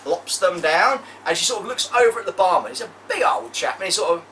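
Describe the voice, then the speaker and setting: A man's voice: sits high, expressive, brisk, bright, forceful tone, far from the mic, slight background noise. A man who narrates a tabletop game as game master, joking crudely with his players.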